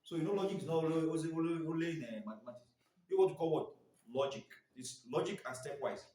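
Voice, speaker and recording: Speaking fast in a slightly high, mellow voice, a man quizzes teachers during phonics training. Again and again he asks "what?" and waits for the class to answer, and the sound is echoey, with a distant mic.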